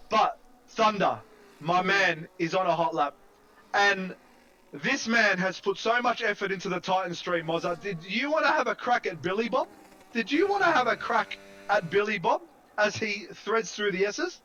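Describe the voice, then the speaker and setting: A man commentating a sim racing qualifying session live, excitable and jokey, shouting over the big moments. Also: high-pitched, normal speed, highs cut off.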